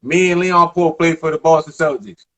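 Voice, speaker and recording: A man in his thirties from the Bronx with a New York accent, telling stories in a casual interview, animated, emphatic and profane. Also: a little high, moderate pace. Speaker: former basketball player, guest.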